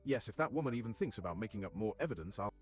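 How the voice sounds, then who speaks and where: A man's synthetic voice playing a stern older businessman who talks in an indignant, brisk way. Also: on the low side, lively intonation, soft background music, close to an everyday voice.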